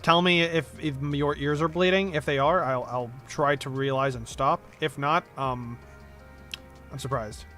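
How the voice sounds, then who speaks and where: A man's voice: a little high, fairly even intonation, a little slow, sharp tone, soft background music. A man streaming a game, chatting casually in a rambling, self-deprecating way. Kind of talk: casual gameplay commentary.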